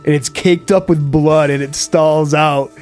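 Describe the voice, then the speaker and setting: A man's voice: on the high side, steady tone, unhurried, darkish tone, soft background music. A man co-hosting a podcast, chatting casually about a movie in a laid-back, profane way. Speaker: podcast co-host.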